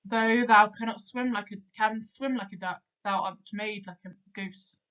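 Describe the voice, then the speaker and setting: A woman's voice: mid-range voice, steady tone, moderate pace, fairly bright tone, lightly acted. A woman reading aloud the lines of a boastful, drunken male butler in an ordinary voice, on a dull lo-fi recording. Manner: plain reading aloud of verse.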